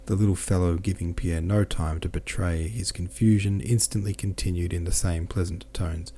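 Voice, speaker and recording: Male audiobook narrator, deep and mellow; steady, measured reading. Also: a little hiss or hum. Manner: steady, measured reading with small self-corrections. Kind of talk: scripted narration of a novel.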